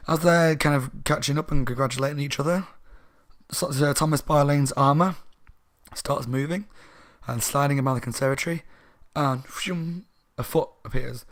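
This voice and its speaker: A man's voice: mid-range voice, a bit bright. A slightly drunk man casually recapping a children's horror book for his channel, rambling and correcting himself as he goes. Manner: rambling, chatty, self-correcting. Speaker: book reviewer, channel host.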